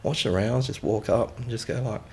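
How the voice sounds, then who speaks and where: A man's voice: on the low side, normal speed. An Australian man telling war stories as a podcast guest, blunt and swearing freely as he acts out dialogue. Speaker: podcast guest, former military contractor. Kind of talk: casual storytelling.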